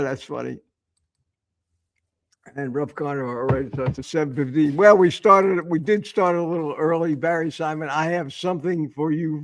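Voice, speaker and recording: An older man hosting a casual morning livestream, a bit hoarse, teasing his guest and reading viewer comments aloud. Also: on the high side. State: a bit hoarse after a late night. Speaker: livestream host. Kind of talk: casual live-stream chat.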